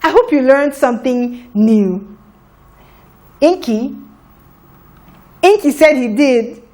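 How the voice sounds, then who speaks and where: A woman leads a phonics lesson for young children. Her voice sits a little high, and she speaks very slowly. She sounds out each letter with deliberate care. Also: lively intonation, a little mellow. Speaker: phonics teacher.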